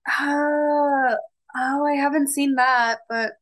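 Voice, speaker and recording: A young woman with a fairly high voice, co-hosting a podcast in loose casual chat. She gushes through stories, packing them with fillers and little exclamations. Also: moderate pace. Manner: gushing, filler-heavy, animated storytelling. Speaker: podcast co-host.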